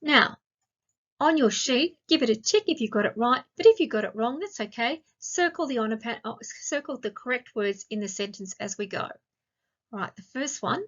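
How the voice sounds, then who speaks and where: A woman teacher with an Australian accent, giving a recorded grammar lesson to young children and asking slow, clear, sing-song questions. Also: on the high side, expressive, highs cut off. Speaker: primary school teacher.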